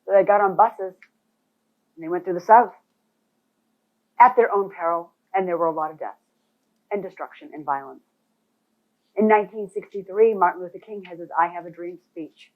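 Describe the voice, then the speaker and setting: A woman with a lowish voice speaks at normal speed and pauses often as she leads a real estate boot camp presentation. She's animated and emphatic, talking directly to her audience, captured with a thin, phone-like sound.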